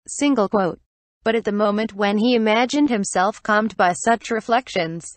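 A woman narrating a classic novel as an audiobook, in an even, steady way that reads the punctuation aloud. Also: medium pitch, no room sound.

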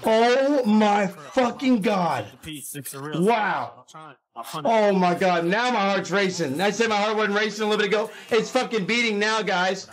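High-voiced excitable streamer man. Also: moderate pace. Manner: excitable, profane, loud bursts of exclamation. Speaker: gambling livestreamer. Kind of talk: live-stream reaction commentary.

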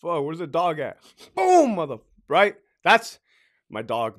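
A man in his late thirties speaks casually and profanely, in the loose manner of a storytelling vlog. His pitch swings widely, rising and falling as he talks. He rambles and keeps checking in with a "right?". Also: big pitch swings, moderate pace. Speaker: prison sergeant and veteran telling his career story.

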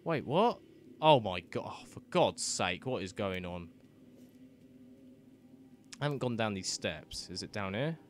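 A young man, giving flustered, self-mocking let's-play commentary with sudden loud outbursts and muttered swearing. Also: on the low side, animated, measured pace, pauses often, a little hiss or hum. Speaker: gaming commentator.

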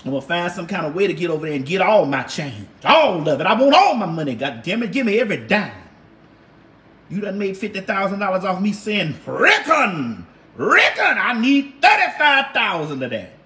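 A woman's voice: fairly low pitch, lively intonation, brisk. A woman hosting a casual livestream and chatting with viewers in a brash, sassy, drawling way, with lots of cussing. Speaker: livestream host. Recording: roomy echo.

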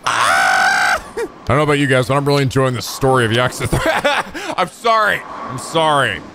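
Hosting a video game playthrough, this man swears and trash-talks in playful fury. His voice sits in the mid range, his pace is a little fast, and the recording is very noisy.

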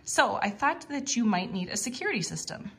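A playful male mouse detective coaxes and teases in a husky voice, played by a woman reading a storybook aloud. He sounds fond and mischievous, always up to a prank. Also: mid-range voice, very animated, fairly quick, a bit bright, heavily acted. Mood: teasing. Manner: teasing, coaxing.

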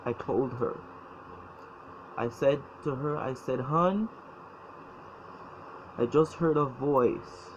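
A man telling his personal faith story, halting and emotional, often repeating words as he speaks. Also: mid-range voice. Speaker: former church member telling his story. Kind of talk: personal testimony. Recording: dull lo-fi sound, faint noise.

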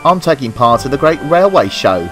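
A man's voice: medium pitch, big pitch swings, moderate pace, fairly bright tone, soft background music, pitched above the performer's own voice. A man voicing a cheerful, friendly male vintage tank engine in a storybook tale, chuckling and chatty.

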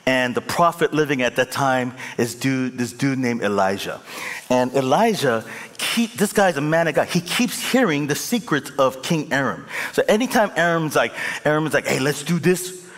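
A man's voice: mid-range voice, animated, moderate pace, a bit bright. A male pastor preaching a sermon, impassioned and conversational, with a long hall reverb on the voice. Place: large church hall.

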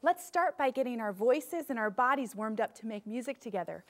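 A young woman teaching a children's music lesson, cheerfully leading warm-ups and call-and-response drills. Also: on the high side, lively intonation, brisk.

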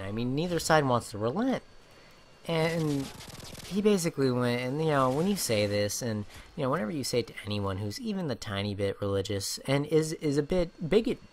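A man's voice: mid-range voice, a bit bright. A young man in his late teens, a YouTuber ranting in a rambling way, full of fillers and restarts. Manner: rambling, many fillers and restarts, says "dude". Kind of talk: ranting vlog over gameplay.

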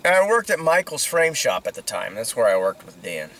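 A man's voice: mid-range voice, big pitch swings, fairly quick. A man casually telling a rambling story, chuckling and checking in with "right?" as he goes. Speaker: vlogger. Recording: distant mic with loud outdoor traffic noise.

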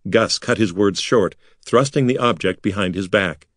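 A man reading a fantasy novel aloud as an expressive audiobook narrator. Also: lowish voice, moderate pace, no echo, clean studio sound. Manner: lively, expressive storytelling.

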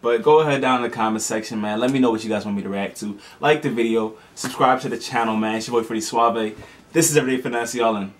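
A man's voice: medium pitch, fast. Slangy young American man, laughing often. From United States. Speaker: music reaction YouTuber. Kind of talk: casual reaction commentary.

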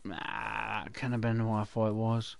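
A gaming channel host chats to himself during gameplay, rambling and answering his own questions in silly voices. His voice is on the low side, creaky and monotone, at a moderate pace.

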